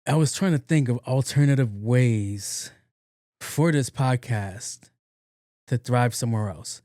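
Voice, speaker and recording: Mellow-voiced man hosting a casual podcast. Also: medium pitch, measured pace, dry recording, studio quality. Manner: joking storyteller, acts out both sides of conversations. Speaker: podcast host. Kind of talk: casual solo podcast monologue.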